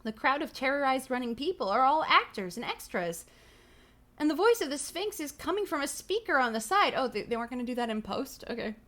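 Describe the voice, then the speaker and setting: A woman's voice: high-pitched, sing-song, brisk, fairly bright tone. A woman livestream host reading a choose-your-own-adventure book aloud, playful, laughing often and casually swearing. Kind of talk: reading aloud with live commentary.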